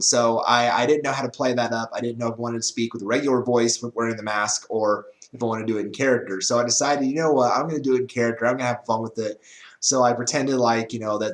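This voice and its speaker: A young man talks through his season highlights in a loose, rambling monologue. He stumbles over repeated words and keeps breaking into laughter. His voice sits at an ordinary middle pitch for a man. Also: a bit bright. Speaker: fantasy football show host. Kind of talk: casual monologue.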